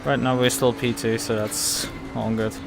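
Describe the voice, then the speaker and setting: A man streaming a sim race, thinking aloud in a halting, self-correcting way with a German accent. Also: mid-range voice, flat delivery, creaky, loud music behind the voice. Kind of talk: casual live-stream commentary.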